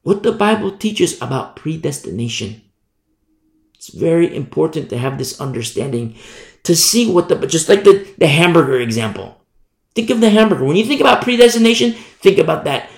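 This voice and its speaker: A man preaching a sermon, telling a story with lively energy and acting out shouted warnings. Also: on the high side, normal speed, vocal fry. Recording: echoey room.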